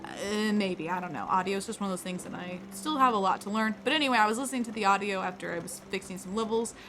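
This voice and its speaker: A woman's voice: mid-range voice, quick pace, noisy background. A woman streaming a game live, chatting with viewers in a playful, rambling, self-deprecating way. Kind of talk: casual live gameplay commentary. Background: game music.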